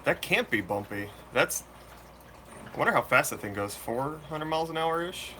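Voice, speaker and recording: A man hosting a fishkeeping channel, chatting casually and answering viewer questions live in a relaxed, slangy way. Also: a little high, normal speed, slight background noise. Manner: laid-back, slangy, chatty. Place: room full of fish tanks.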